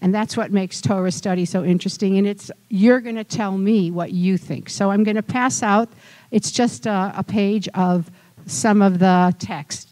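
A woman's voice: medium pitch, fairly even intonation, moderate pace, a little mellow. A woman rabbi teaching a Torah portion in an informal, conversational way, coaxing the group to take part.

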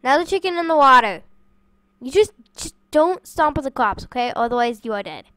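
Excitable woman gamer, very high and bouncy voice, dry close mic. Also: brisk, dry recording. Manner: excitable and playful, yelps and shouts during play. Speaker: gamer playing with her siblings. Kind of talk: casual gameplay chat. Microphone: desk microphone.

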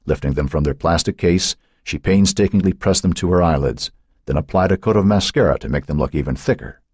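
A man narrating an audiobook in a dramatic, measured storytelling manner. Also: low voice, a little mellow, breathy edge, dry recording, studio quality. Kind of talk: scripted narration.

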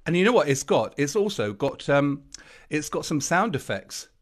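A man's voice: fairly high pitch, very animated, moderate pace. A man co-hosting a children's sing-along livestream, playful and eager in his banter. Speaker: co-host and singer.

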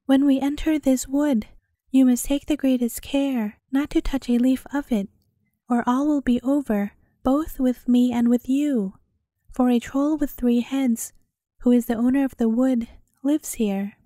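Storybook role: protective male bull, earnest and warm, played by a woman narrator, dry sound. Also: sits high, measured pace, no room sound. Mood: warning. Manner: earnest warning tone. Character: loyal protective male bull, grave and caring.

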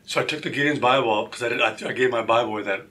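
A man sharing his personal testimony as a talk show guest, animated and acting out the voices of the people in his stories. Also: mid-range voice, very fast. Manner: animated, acts out quoted voices. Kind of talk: storytelling testimony.

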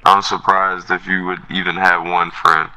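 A man's voice: low-pitched, little pitch movement, normal speed, bright, forceful tone, rough recording. A man trash-talking and cursing angrily over game voice chat. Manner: hostile, profane, insulting. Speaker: opposing player. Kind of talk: angry voice-chat trash talk.

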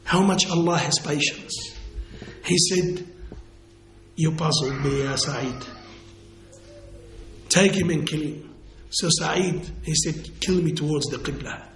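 Male preacher, fairly high voice, halting storytelling delivery, echoey hall with faint hiss. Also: a bit bright. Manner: halting, restarts phrases, slow emphatic quotes. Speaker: Islamic lecturer. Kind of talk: storytelling lecture. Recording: echoey room with faint noise.

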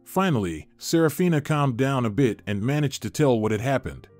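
Male narrator, scripted storytelling, even and measured; dry read with a soft music bed. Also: mid-range voice, dry recording.

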